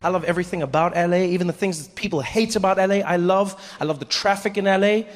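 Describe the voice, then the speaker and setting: A man's voice: high-pitched, fast. A man doing stand-up comedy, telling stories in a loose, conversational way. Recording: echoey hall with live noise.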